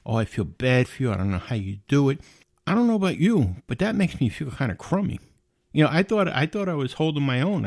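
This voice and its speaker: A man hosting a podcast, talking emphatically in a casual monologue, with rhetorical questions and repeated words. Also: medium pitch. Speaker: podcast host.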